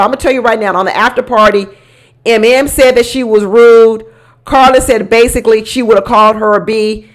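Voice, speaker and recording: A woman's voice: a little high, brisk. A woman giving casual, opinionated commentary as a reality show recap host, often indignant and laughing.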